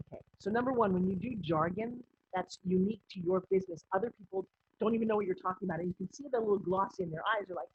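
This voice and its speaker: Lively woman teaching an online lesson. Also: lowish voice, fast, noisy background. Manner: lively, conversational, acts out quoted dialogue. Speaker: business coach. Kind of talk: recorded online course lesson. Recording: slightly muffled lo-fi audio.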